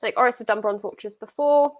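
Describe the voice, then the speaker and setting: A woman's voice: a little high, brisk. Chatty British woman, casual chat. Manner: chatty, filler-heavy, enthusiastic. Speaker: co-host.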